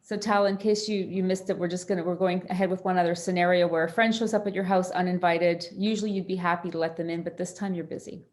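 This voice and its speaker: A woman's voice: on the low side, fairly even intonation, quick pace, hardly any pauses. Chatty woman therapist on a video call. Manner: chatty, laughs easily, restarts often. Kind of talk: casual panel chat on a video call.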